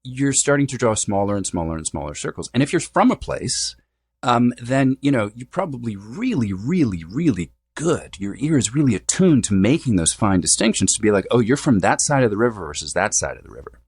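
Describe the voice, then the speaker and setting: A man's voice: mid-range voice, sing-song, brisk, darkish tone, husky, no room sound. Dry-voiced man explaining accents. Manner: fluent, lecturing, frequent "you know" and "right?" tags. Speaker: accent expert and dialect coach, guest. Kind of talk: explanatory interview answers.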